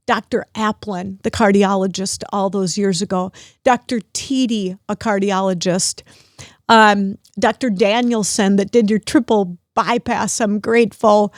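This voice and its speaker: A middle-aged woman hosting a podcast, talking warmly and emotionally to her father, grateful and close to tears. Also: medium pitch, dry recording. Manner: emotional, grateful, at times tearful. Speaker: podcast host. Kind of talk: heartfelt family conversation.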